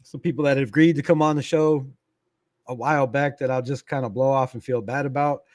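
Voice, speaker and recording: A man's voice: medium pitch, fairly even intonation, a little fast, darkish tone, no echo. A middle-aged man hosting a sports fan livestream in a casual, laid-back way. He reads viewer comments aloud, laughs often and swears freely. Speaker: fan channel livestream host.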